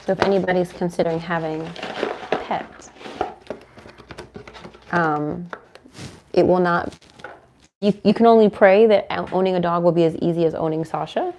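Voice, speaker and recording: A woman's voice: on the low side, steady tone, normal speed, long pauses, background noise. A young woman tarot reader chatting casually to her viewers, sometimes breaking off to coo affectionately at her dog. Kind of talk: casual tarot reading chat to camera.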